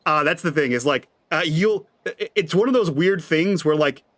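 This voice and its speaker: A man's voice: fairly high pitch, normal speed, fairly bright tone. A man player giving frank, casual advice during a tabletop game chat, swearing now and then.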